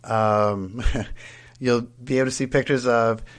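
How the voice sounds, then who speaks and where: A man of average pitch appearing as a guest on a podcast. He speaks in a friendly, relaxed way. He chuckles now and then. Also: takes it slowly. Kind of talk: casual interview.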